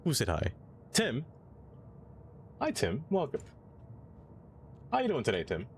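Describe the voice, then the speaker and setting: A man streaming live, chatting casually and playfully as he plays and reacts out loud. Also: mid-range voice, wildly swooping pitch, a little slow, slight background noise. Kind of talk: casual live-stream chat while playing.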